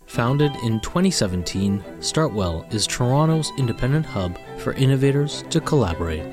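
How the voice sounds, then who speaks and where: A man hosting a podcast, reading an intro and then opening the chat with an animated delivery. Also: mid-range voice, moderate pace, music in the background. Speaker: podcast host.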